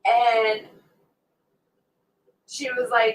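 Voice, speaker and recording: Slow and full of long pauses, this woman's slightly high voice keeps a fairly even intonation. She's a homesteading livestreamer rambling chattily through a morning story at home, scolding her pets partway through sentences; the mic is distant, with a faint hum.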